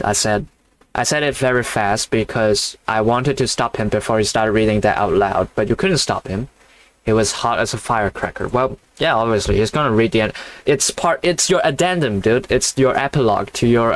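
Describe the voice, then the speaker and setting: A man reading a novel aloud haltingly and breaking off into blunt, casual, swearing commentary. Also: mid-range voice. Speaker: reader reacting to a novel.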